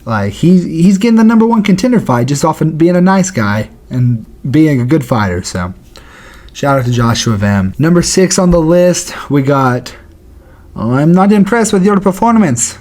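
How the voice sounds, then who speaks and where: A man's voice: a little high, sing-song, moderate pace, a little mellow. A man hosting a casual video countdown, talking in a slangy, joking way. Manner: slangy and jokey. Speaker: YouTube host. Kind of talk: casual commentary.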